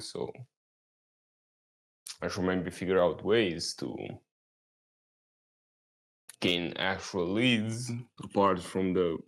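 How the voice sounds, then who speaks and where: A young man rambling casually as a vlogger, laid-back and meandering, swearing now and then. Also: low-pitched. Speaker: YouTuber. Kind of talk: rambling casual vlog talk.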